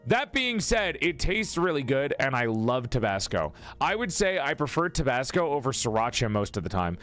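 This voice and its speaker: Guy streamer chatting w his viewers, jokey and teasing, kinda high voice that bounces all over. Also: fairly bright tone. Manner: joking, teasing, reads chat aloud and answers. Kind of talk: casual live-stream chat with viewers.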